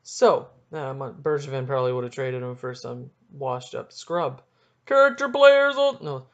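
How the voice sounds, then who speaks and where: A young man hosting a solo sports podcast, ranting excitably and cutting himself off mid-sentence. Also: medium pitch, moderate pace, lo-fi sound. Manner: excitable, ranting, self-interrupting. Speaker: podcast host.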